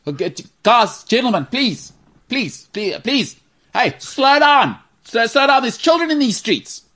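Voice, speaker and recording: A man's voice: very high voice, big pitch swings, measured pace, sharp tone, pitched above the performer's own voice, full character voice. A man putting on the voice of a fussy older neighbor man scolding noisy kids, pleading and exasperated.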